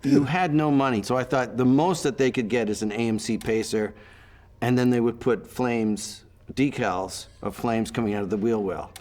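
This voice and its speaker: A man's voice: mid-range voice, normal speed, a little mellow, slight background noise. A man giving a reminiscing interview, telling anecdotes and acting out the voices of people he quotes.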